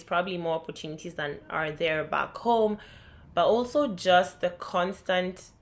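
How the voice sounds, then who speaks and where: A woman's voice: on the low side, a bit bright. A young woman from Kenya with a Kenyan accent, talking candidly and reflectively in a vlog. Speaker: vlogger.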